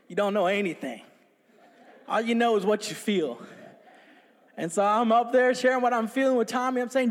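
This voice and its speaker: A man preaching an energetic sermon in a small church, bouncing around and calling on the congregation to repeat after him. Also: high-pitched, normal speed, in a large hall. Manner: energetic, jumping about; call-and-response with congregation. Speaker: pastor. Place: small church with few people.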